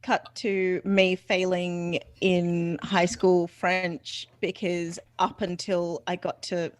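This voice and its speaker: Slow-talking woman player chiming in. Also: fairly low pitch, flat delivery. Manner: chiming in with short remarks. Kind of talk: casual tabletop game chat.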